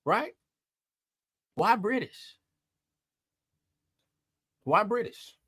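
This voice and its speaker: A man hosting an entertainment news commentary, talking in an animated, emphatic way and piling up rhetorical questions. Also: high-pitched, drawn-out words, breathy edge, no echo, studio quality. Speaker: host.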